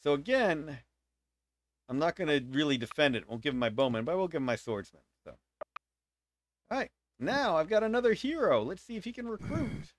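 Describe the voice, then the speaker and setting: A man's voice: on the high side, sing-song, a little fast. A man casually commentating a strategy game as he plays, explaining his moves and voicing playful sound effects for attacks. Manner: thinks aloud while explaining strategy. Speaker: game streamer.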